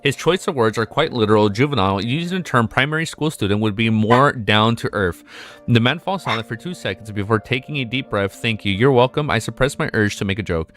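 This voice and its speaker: A man livestreaming as he reads a novel aloud in steady first-person narration, breaking off now and then to scold his pet. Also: medium pitch. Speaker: streamer.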